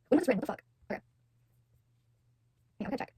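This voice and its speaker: A young woman reading fan fiction aloud on a vlog, breaking off for sarcastic, animated asides and swearing. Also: sits high, very fast. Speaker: fanfiction reader vlogger.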